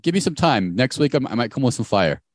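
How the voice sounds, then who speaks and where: A man co-hosting a casual podcast, talking fast and animated. His pitch jumps around a lot as he talks. The sound is dry and close, with no room echo. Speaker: podcast co-host. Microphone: remote call mic.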